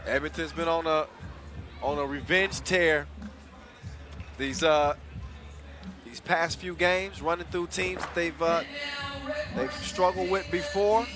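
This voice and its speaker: A man's voice: a little high, fairly even intonation, takes it slowly, pauses often. A male sports commentator recapping a dunk contest and previewing the final in a hyped, playful way with casual slang. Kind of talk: event commentary. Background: music.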